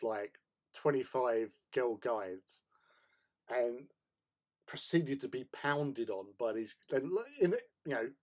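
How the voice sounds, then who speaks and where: A man chats casually on a hobby livestream, drifting from one anecdote to the next. His voice sits at an ordinary middle pitch. He chuckles often and keeps things loose and unhurried. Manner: rambling storyteller, chuckles often. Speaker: hobby streamer. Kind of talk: casual hobby stream chat.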